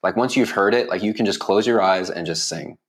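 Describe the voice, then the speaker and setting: A man's voice: on the low side, fairly quick. A man interviewing a guest in a casual, enthusiastic way, peppering his talk with "like". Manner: enthusiastic, heavy use of "like" fillers.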